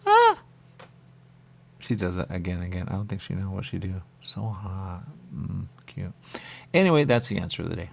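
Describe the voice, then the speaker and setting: A man with a deep, low-pitched voice and a gravelly, fry-laden texture hosts a radio talk show. He rambles in a meandering monologue, circling back over the same phrases as he muses aloud. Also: fairly quick, a little mellow. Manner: repetitive, meandering, musing aloud.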